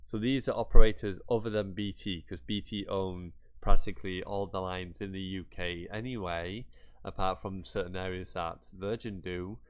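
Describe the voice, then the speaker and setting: A man with a somewhat low voice walks viewers through a website in a casual screen-share tutorial. He talks in a chatty, rambling way and drops in mock-exasperated asides as he clicks around. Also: fairly even intonation, normal speed, clean tone. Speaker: YouTuber.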